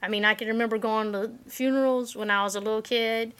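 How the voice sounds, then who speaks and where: A woman with a bright, forward voice pitched a little high, co-hosting a casual podcast. She teases her co-host in a playful, offhand way. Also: fairly even intonation, quick pace, clear, resonant tone. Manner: playful, teasing. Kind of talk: casual chat.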